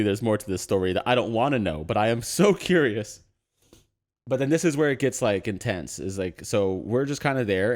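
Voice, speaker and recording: A young adult man casually telling an animated anecdote on a podcast, laughing often and using lots of fillers. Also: lowish voice.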